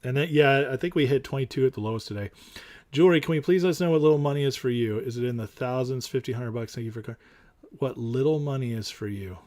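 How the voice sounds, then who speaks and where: A man's voice: medium pitch, fast, a little mellow. Rambling, emphatic male livestream host. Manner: rambling and emphatic, with fillers and restarts. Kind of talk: casual livestream chat, reading viewer comments.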